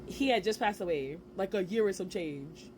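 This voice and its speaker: A woman in her forties telling a personal story to camera in a casual, animated way, with slang and quick asides. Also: medium pitch, noisy background. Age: 40s. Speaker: vlogger.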